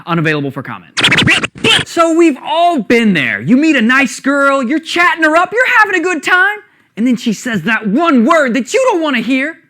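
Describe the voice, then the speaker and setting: A man hosting a comedy video review show, joking in an energetic, animated way. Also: very high voice, moderate pace. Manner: animated, jokey, shifts voices.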